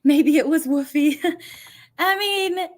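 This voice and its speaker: A woman's voice: high-pitched, slow. Chatty woman greeting her livestream chat. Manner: chatty, greets viewers by name, laughs easily. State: a little out of breath. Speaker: true crime livestream host. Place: home. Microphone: computer mic at desk.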